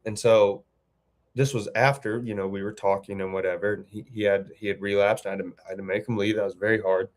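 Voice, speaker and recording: A man's voice: lowish voice, little pitch movement, quick pace. A man, host of his channel, telling a story casually in a rambling, self-correcting way.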